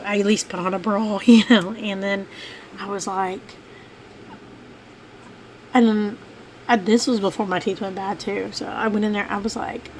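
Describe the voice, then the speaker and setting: A woman's voice: mid-range voice, a little hiss or hum, poor audio. A woman telling a long, rambling personal story as a mother in a casual vlog, with many fillers and restarts. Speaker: vlogger, mother.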